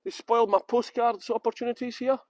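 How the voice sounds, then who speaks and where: A man from West Yorkshire leads a live-streamed walking tour outside on city streets, joking with his viewers and greeting them by name. His voice sits high for a man, and it comes across close and dry with hardly any reverb. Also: fairly even intonation, a little fast, darkish tone. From Halifax, West Yorkshire, England. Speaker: tour guide.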